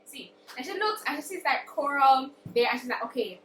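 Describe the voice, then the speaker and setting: Young woman, chatty book vlogger, high bright voice, roomy distant sound. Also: expressive, fairly quick, a little hiss or hum. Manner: chatty, dramatic retelling with acted quotes. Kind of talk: casual book recap. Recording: roomy echo, distant mic.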